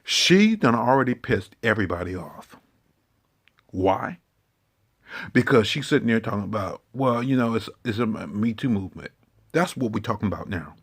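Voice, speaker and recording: Gravelly, lively-pitched man ranting profanely. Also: normal speed. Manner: preachy, confrontational, heavy swearing. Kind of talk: impassioned profane monologue.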